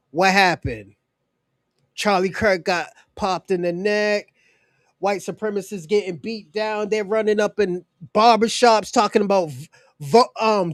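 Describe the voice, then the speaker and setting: A man's voice: high voice, measured pace, no room sound, clean studio sound. A man in his forties giving casual political commentary, emphatic and indignant, often repeating his phrases. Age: 40s. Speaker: commentary host.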